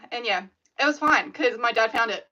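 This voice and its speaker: A woman, chatting on her live stream in an animated, rambling way full of fillers. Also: fairly high pitch, measured pace, highs cut off. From Australia. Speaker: scrunchie maker hosting a live stream. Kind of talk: casual live-stream chat.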